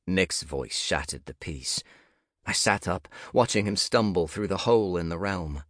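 A man narrating a first-person fantasy audiobook in a measured, expressive storytelling manner. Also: low-pitched, dry recording, studio quality.

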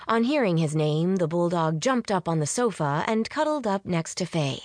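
A woman narrating an audiobook in a calm, measured way. Her voice sits on the low side and stays steady. The recording is close and completely dry. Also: dry recording. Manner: measured, even storytelling. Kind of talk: scripted narration.

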